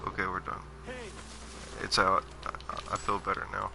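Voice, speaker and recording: A low-voiced man with a gravelly, fry-laced edge chats loosely as he plays, drifting into self-mocking tangents. His talk stays relaxed and jokey. Game music plays clearly behind him. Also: moderate pace, long pauses. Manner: joking, rambling, self-deprecating. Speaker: gaming livestreamer. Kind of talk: casual gameplay commentary.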